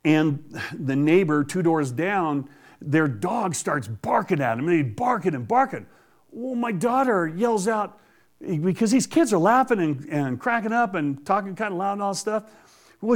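A middle-aged man preaching a conversational sermon, folksy and quick to laugh as he tells stories. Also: high voice, lively intonation.

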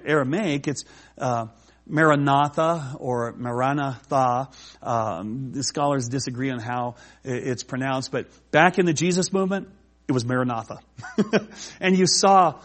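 Male pastor, slightly raised pitch; casual sermon delivery with fillers and restarts, scripture read slowly. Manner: conversational preaching with frequent fillers and restarts; slows down to read scripture aloud.

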